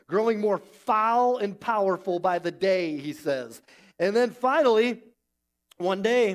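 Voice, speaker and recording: A man pastor preaching a conversational sermon in a church, with an animated, informal manner. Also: high-pitched.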